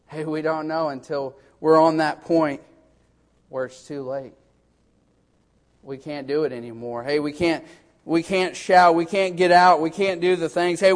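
A man delivering a fervent sermon in a somewhat high voice. He presses each point with a repeated "hey" and climbs into urgent, rising appeals. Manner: builds to urgent, rising exhortation. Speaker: preacher.

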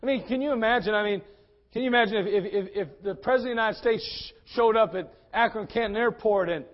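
A man preaching a sermon at a church service, animated and acting out the voices of people in his stories. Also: sits high, quick pace, muffled recording. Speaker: pastor.

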